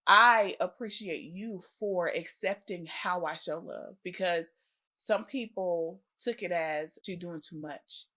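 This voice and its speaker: A woman's voice: lowish voice, takes it slowly, sharp tone. A young adult woman chats casually as a podcast co-host. She tells stories animatedly, acting out quoted voices with bursts of laughter. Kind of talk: casual chat.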